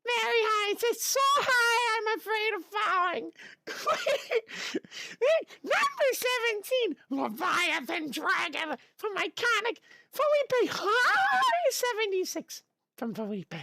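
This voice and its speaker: A man voicing a bubbly star-cat mascot, hosting a livestream guessing game with a squealing, drawn-out, bouncy delivery. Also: very high-pitched, big pitch swings, gravelly, sharp tone, no room sound, pitched above the performer's own voice, heavily acted. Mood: playful. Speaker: streamer.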